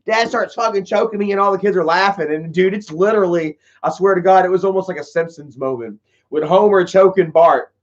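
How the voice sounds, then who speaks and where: A man with a high-pitched voice hosts a casual livestream, rambling through a story with heavy swearing and constant filler. The audio is dull and lo-fi, like a basic stream mic. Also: a little fast. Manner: rambling, heavy swearing, frequent "you know" and "bro". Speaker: livestream host answering chat.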